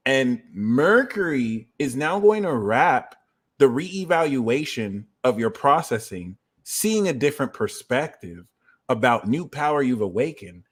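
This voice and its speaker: A man hosting an astrology livestream, walking viewers through planetary transits in an energetic, conversational way with quick asides. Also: mid-range voice, slightly rough. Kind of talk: explaining astrology transits to a live audience.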